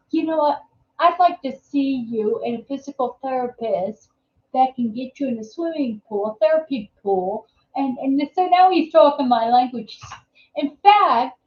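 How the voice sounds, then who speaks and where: Slow-talking rambling woman, echoey. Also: high-pitched. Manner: rambling, many fillers and restarts; laughs easily, amused storytelling. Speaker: host of a live viewer chat show. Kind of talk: casual live-stream chat. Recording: echoey room, dull lo-fi sound.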